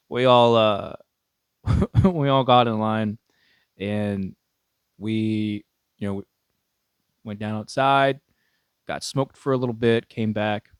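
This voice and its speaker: A man's voice: lowish voice, steady tone, takes it slowly, long pauses, clear, resonant tone, no echo, studio quality. A young man casually telling a story, swearing freely and laughing often between his words. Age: young adult. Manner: profane, laughing often, restarts a lot.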